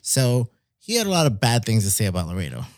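A young man, telling stories in casual chat, animated, laughing often and dropping in Spanish words. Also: on the low side, fast, no echo, studio quality. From Mexico.

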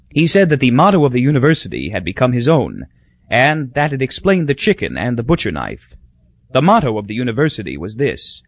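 A man reading a novel aloud as audiobook narrator, expressive and storytelling. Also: medium pitch, no room sound. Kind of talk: scripted narration. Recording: dull dry lo-fi recording.

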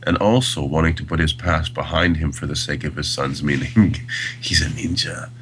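A man's voice: extremely low pitch, steady tone, normal speed, a bit bright, a little hiss or hum. A man co-hosting a podcast, talking about a film casually in a rambling way with many fillers. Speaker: podcast co-host.

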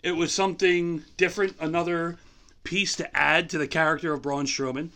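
A man's voice: on the high side, level tone, fairly quick, sharp tone. A man co-hosting a casual wrestling podcast, agreeable and chatty. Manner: agreeable, chatty, laughs often. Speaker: podcast co-host.

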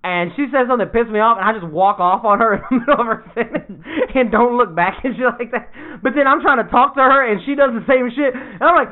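High-voiced man joking on a tinny line. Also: fast talker. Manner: joking, swearing, laughs often. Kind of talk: casual banter. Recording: phone-like narrow sound.

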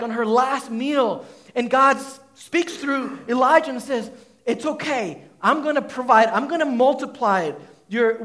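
A man preaching a sermon to a congregation in a conversational, animated way, asking the audience questions and using many fillers. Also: very high voice. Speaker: pastor. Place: church hall before a congregation.

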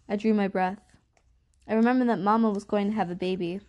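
A woman narrating a first-person novel as an audiobook, with an even, measured reading. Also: medium pitch.

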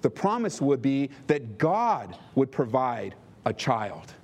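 A man's voice: mid-range voice, sing-song, takes it slowly, darkish tone, slightly rough. A male pastor giving a conversational sermon, often asking the congregation questions. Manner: conversational, asks the listeners questions.

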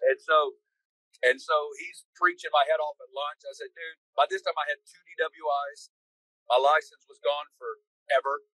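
A man's voice: fairly high pitch, steady tone, normal speed, bright, forceful tone, slightly rough, no echo, poor audio. A man recounting his personal testimony as a podcast guest, intense and dramatic, acting out the voices of people in his story. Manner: intense, dramatic retelling with vivid quoted dialogue.

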